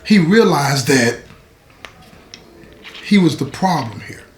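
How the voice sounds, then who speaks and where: A man telling a story in a casual, conversational style. He talks directly to his audience at a slow pace. His voice is slightly high and echoes in a roomy space. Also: lively intonation, a little hiss or hum. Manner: conversational, addresses listeners directly. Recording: roomy echo.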